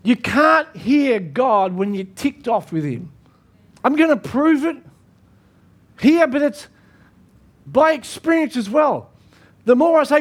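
High-voiced man preaching a sermon. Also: expressive. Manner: earnest, emphatic preaching with dramatic pauses. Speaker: pastor.

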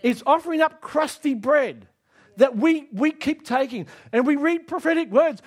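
A man preaching a sermon, emphatic, asking the audience direct questions and rising to near shouts on key lines. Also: very high-pitched, animated, moderate pace.

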